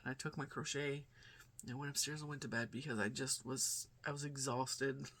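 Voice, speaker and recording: A woman in her forties talks in a loose, rambling vlog style, chatting to her viewers as a crochet creator. Her voice is bright and crisp-edged. She drifts from one aside to the next. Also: extremely low pitch, steady tone, a little fast. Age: 40s. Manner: rambling and chatty, acting out quoted dialogue. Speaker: crochet vlogger. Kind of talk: casual chat.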